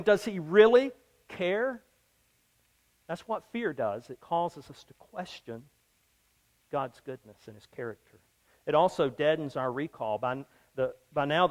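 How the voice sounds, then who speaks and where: A male pastor with a high-pitched voice delivers a sermon. He moves between loud, urgent lines and quiet, low phrases. He acts out the quoted prayers and cries of the people in his story.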